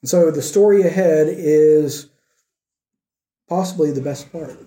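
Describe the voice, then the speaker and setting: A man preaching a sermon with earnest emphasis, swinging between raised emphatic points and quiet, soft asides. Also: on the high side, measured pace, reverberant. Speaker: pastor.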